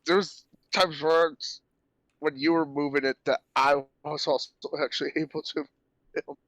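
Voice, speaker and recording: A man's voice: a little high, level tone, moderate pace, fairly bright tone, no echo. A man chatting during a game with friends, easygoing and rambling, often repeating himself mid-sentence. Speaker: friend playing along on stream. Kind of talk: casual gaming banter.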